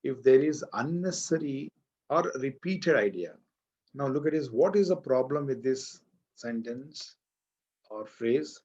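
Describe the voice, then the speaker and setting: In this lo-fi classroom recording, an Indian English-accented man leads a grammar lesson, repeating key ideas and throwing questions out to the class. He has a medium-pitched, expressive voice with a darkish tone and a breathy edge, and he takes his time.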